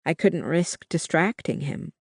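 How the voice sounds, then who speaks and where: An audiobook narrator giving steady, measured first-person novel narration. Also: mid-range voice, creaky, no room sound, clean studio sound.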